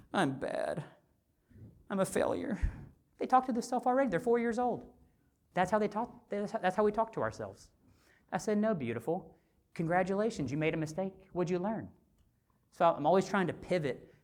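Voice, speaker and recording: A male physician giving a motivational conference talk, conversational and animated, often asking the audience rhetorical questions. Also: on the high side. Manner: animated storyteller. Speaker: physician and speaker at a health summit.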